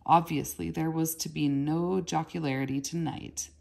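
A woman reading a novel aloud in a steady, measured storytelling voice. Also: low-pitched, creaky. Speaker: reader.

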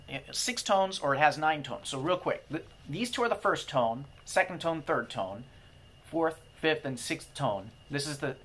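A man gives a relaxed video lesson on transcription systems. His voice is bright and clear at a middling pitch. He thinks aloud as he goes and stops to sound out vowels and tones. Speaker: language-learning company founder explaining pronunciation. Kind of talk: informal video lesson to camera.

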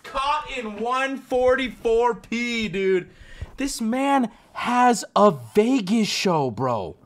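A man hosting a live stream, reacting loudly to clips, swearing and laughing often as he talks to his chat. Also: very high voice, big pitch swings, drawn-out words. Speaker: streamer host.

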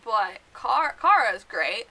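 A young woman rambling through casual book vlog commentary, full of fillers and quick laughs. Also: on the high side, very animated, sharp tone, breathy edge, low-quality recording. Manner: chatty and rambling, many fillers, laughs often. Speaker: book vlogger.

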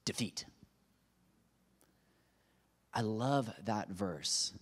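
A man's voice: medium pitch, a little fast, a little mellow. A pastor in his thirties giving a sermon in a church sanctuary, conversational and self-deprecating, often acting out quotes with humor. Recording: long reverb of a church hall.

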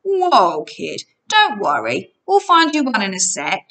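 A woman's voice: a little high, huge pitch swings, measured pace, sharp tone, full character voice. A woman voicing a pushy, boastful male giant waterbed salesman in a storybook reading, with a wheedling sales patter.

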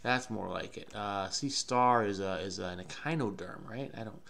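A man hosting his own channel, thinking aloud as he solves a crossword in a calm, musing way that often trails off unsure. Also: on the low side, normal speed, vocal fry. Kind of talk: thinking aloud while solving a puzzle.

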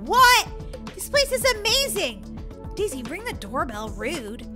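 A woman's voice: very high voice, huge pitch swings, measured pace, exaggerated voice. A woman voicing a cheerful, curious young girl who exclaims in delight, in a game role-play video. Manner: perky, exclamatory, giggly. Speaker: channel's game video narrator and voice actor. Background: children's background music.

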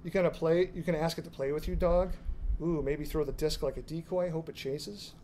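A man's voice: fairly high pitch, steady tone, fairly quick, dark tone, a little hiss or hum, close to an everyday voice. Give me a sly, defiant young creature girl with a tail, taunting the other children, as a male reader puts her on. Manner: taunting, bold.

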